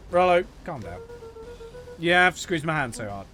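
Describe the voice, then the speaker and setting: A man's voice: a little high, expressive, normal speed, pushed and bright, faint music behind. A man streaming a video game, reading the characters' lines aloud in playful put-on voices and joking between them. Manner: playful, puts on voices and jokes while reading. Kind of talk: let's play, reading game dialogue aloud.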